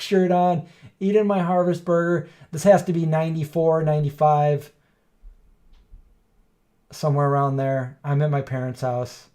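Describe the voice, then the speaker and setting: Middle-aged male host, casual chat, rambling joker, slightly high voice. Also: a little mellow. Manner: rambling, joking storyteller.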